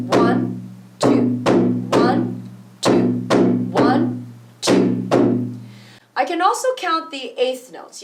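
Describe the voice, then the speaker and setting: A woman music teacher explaining rhythm slowly and patiently, counting beats out loud. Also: fairly high pitch, distant mic. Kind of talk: rhythm tutorial with counting aloud. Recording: echoey room, voice from off mic.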